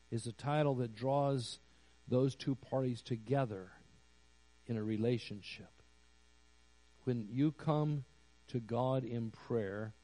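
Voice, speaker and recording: A pastor preaching a sermon slowly and deliberately, building to emphatic raised phrases. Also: male voice, mid-range voice, warm tone, poor audio. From United States. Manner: slow, deliberate preaching with rising emphatic peaks.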